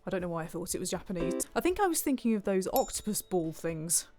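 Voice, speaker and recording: Woman, playful streamer, very animated pitch, faint music underneath. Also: fast talker. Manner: chatty, playful, reads chat aloud. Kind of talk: casual gameplay commentary.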